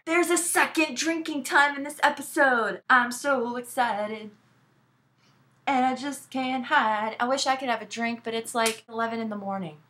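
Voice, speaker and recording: A woman's voice: sits high, fairly bright tone, slight background noise. Sarcastic young woman doing a recap. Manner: profane, sarcastic, quick asides. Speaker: recap vlogger. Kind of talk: casual reality show recap.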